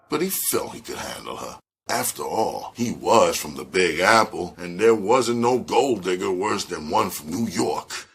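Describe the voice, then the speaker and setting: A man reading an audiobook aloud in a slow, measured narration. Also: sits low, expressive, gravelly, fairly bright tone, breathy edge. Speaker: audiobook reader.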